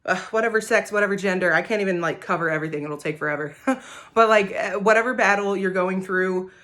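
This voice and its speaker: In a quick, mid-range voice, a female singer-songwriter addresses the camera casually. She's soft-spoken and meandering, with lots of hesitant fillers.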